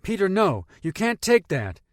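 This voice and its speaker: A man playing a practical teenage girl in an audiobook, his voice lifted higher for her. She talks dry and reasonably, with a touch of deadpan, in a close, dry recording. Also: unhurried, no room sound, exaggerated voice. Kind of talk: audiobook character voice.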